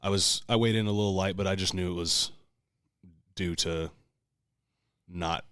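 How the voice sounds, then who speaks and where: Man, podcast co-host, profane heated storytelling, deep voice, dry close sound. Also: fairly even intonation, moderate pace, a bit bright, smooth, dry recording. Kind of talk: casual storytelling.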